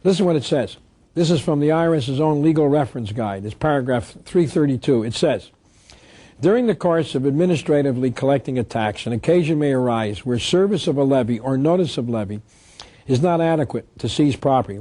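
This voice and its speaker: A man's voice: fairly high pitch, mellow, dry recording. Insistent older man lecturing, dry sound. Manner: insistent, argumentative, repeats points for emphasis. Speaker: speaker on tax law. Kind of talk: lecture-style talk reading statutes aloud.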